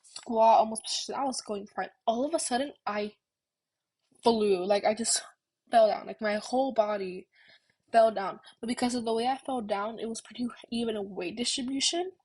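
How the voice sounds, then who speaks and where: A young woman vlogger telling a story in a rambling, self-deprecating way, swearing casually, with a husky voice. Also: fairly high pitch, moderate pace, darkish tone, poor audio.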